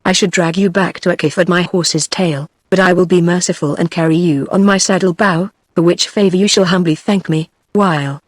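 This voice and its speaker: A text-to-speech voice of a woman with a British English accent, reading the lines of a cruel, mocking male warlord in an even audiobook tone. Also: fairly low pitch, fairly quick, hardly any pauses, no echo, lightly acted. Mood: scornful.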